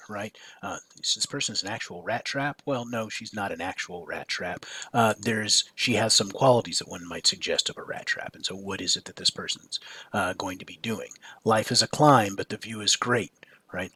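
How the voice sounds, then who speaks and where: A man's voice: lowish voice, moderate pace, fairly bright tone, no room sound. A male teacher explaining a lesson, hesitant, with many fillers and restarts and frequent checks of "right?". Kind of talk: recorded classroom lecture.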